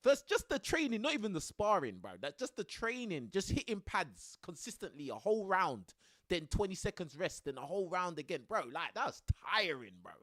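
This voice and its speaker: A man's voice: high voice, very animated, moderate pace, fairly bright tone. A young man chatting casually on a live stream from his home, laughing often and using lots of slang. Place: home room under a studio light.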